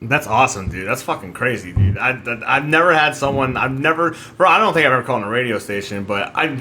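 A man co-hosting a casual podcast, telling stories in an animated, profane way. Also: medium pitch, quick pace, slight background noise. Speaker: podcast co-host. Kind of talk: casual chat.

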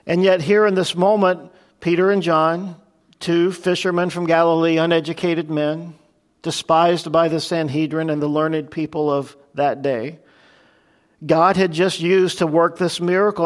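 A man delivering a sermon in a chatty, conversational style. His voice sits a little higher than most men's, and he poses rhetorical questions to the congregation and slips into quick acted-out voices. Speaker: pastor. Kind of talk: expository sermon.

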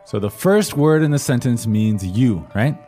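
A man's voice: medium pitch, lively intonation, normal speed, mellow, faint music behind. A man co-hosting a podcast language lesson, prompting with questions and recapping each point in plain English. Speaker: co-host.

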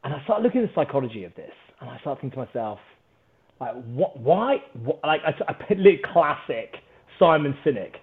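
A British man telling a story on a podcast in an energetic, animated way, swearing freely. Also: on the high side, a little fast, narrow, tinny audio. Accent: British English. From Britain. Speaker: podcast guest, startup founder. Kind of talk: casual storytelling chat.

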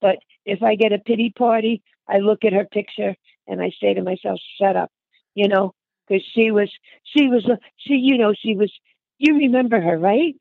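An older woman talks through memories in a chatty way, calling the listener hon and honey as she goes. Her voice is gravelly, with a worn grain to it. The sound is tinny and phone-like, close and dry with no room around it. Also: mid-range voice, moderate pace, dry recording. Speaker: interviewee. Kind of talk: reminiscing conversation.

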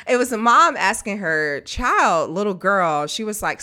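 A woman's voice: mid-range voice, sing-song, unhurried, bright, forceful tone. A woman in her thirties co-hosting a casual chat, talking bluntly and profanely with lots of animation. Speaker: podcast co-host.

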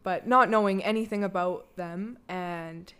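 A woman's voice: medium pitch, fairly even intonation, measured pace, fairly bright tone, clean tone. A young Canadian woman sharing a personal story in a loose, candid way, full of fillers and casual swearing. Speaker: guest, daughter of the host.

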